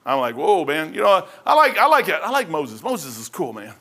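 A man's voice: on the high side, sing-song, brisk, hardly any pauses, fairly bright tone, breathy edge. A man preaching a sermon as pastor, in a folksy, conversational way full of slang and asides.

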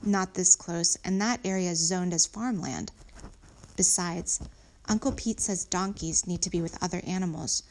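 Woman reading as a calm patient father. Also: lowish voice, moderate pace, slight background noise, close to an everyday voice.

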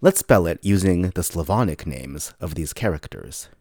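Deep-voiced man teaching in a dry close recording. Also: animated, darkish tone, dry recording. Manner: measured, explanatory, spells words out slowly. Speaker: podcast teacher. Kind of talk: scripted lesson narration.

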